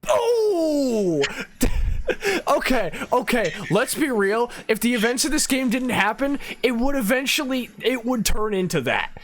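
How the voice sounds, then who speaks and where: Animated, swearing woman streamer. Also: a little high, measured pace. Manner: animated, rambling, profane, laughs often. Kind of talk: casual gaming stream chat.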